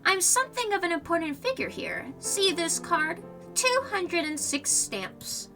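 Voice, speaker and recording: A woman's voice: very high-pitched, sing-song, unhurried, pitched above the performer's own voice, full character voice. Rabu, a woman putting on a drawling pigeon regular. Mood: boastful. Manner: swaggering, folksy. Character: boastful male pigeon café regular, country drawl. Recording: distant mic, faint music behind.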